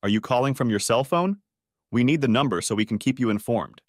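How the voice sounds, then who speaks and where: A man voicing a calm, official police dispatcher on a phone call in an audiobook story. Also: medium pitch, dry recording, clean studio sound. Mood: procedural. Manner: measured, official. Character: calm, procedural adult male police dispatcher.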